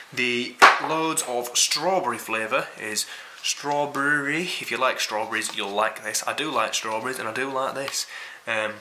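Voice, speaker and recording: Young Yorkshire man, very bright voice, offhand and sweary vlog review, faint noise behind. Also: medium pitch, low-quality recording. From Yorkshire, England. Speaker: vlogger reviewing food. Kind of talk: casual product review.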